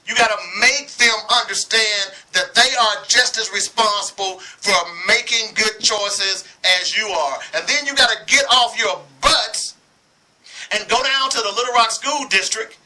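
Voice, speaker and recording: A man's voice: high-pitched, a little slow, bright, forceful tone, rough recording. A man from Arkansas giving impassioned sports commentary, heated and preachy, hammering points with repetition.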